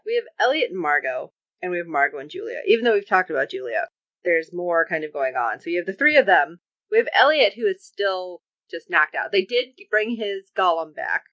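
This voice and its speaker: Woman co-host, animated casual recap, bright voice, dull dry lo-fi sound. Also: fairly low pitch, fairly quick, dry recording. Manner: animated, acts out characters' lines. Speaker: podcast co-host. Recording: dull lo-fi recording.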